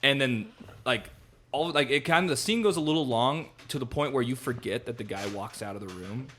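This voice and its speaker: A man's voice: medium pitch, a little fast. A young man co-hosting a casual podcast chat, retelling a scene with lots of swearing and acted-out voices. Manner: animated storyteller acting out scenes with heavy swearing. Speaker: podcast co-host.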